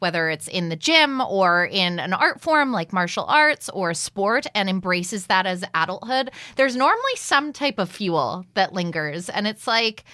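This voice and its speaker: A woman hosts a podcast interview with a bright, forceful voice. Her tone is enthusiastic and affirming, and the sound is dry and close. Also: mid-range voice, dry recording. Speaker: podcast host.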